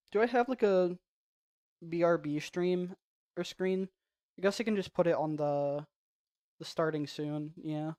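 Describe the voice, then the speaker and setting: A man's voice: high-pitched, moderate pace, clean tone, no echo. A man streaming a game, chatting casually and rambling in a self-deprecating way. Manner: soft-spoken off stream. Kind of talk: casual livestream chat.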